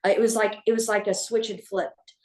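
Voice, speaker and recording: A woman's voice: medium pitch, flat delivery, a little mellow. A woman telling a personal story as a podcast guest, speaking candidly, with many restarts and fillers. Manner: halting, with frequent restarts and fillers. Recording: echoey room.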